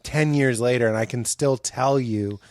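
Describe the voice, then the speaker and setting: A man's voice: medium pitch, moderate pace, darkish tone, no room sound, clean studio sound. A man, a comedian guest on a podcast, talking in a thoughtful, earnest way. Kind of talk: casual chat.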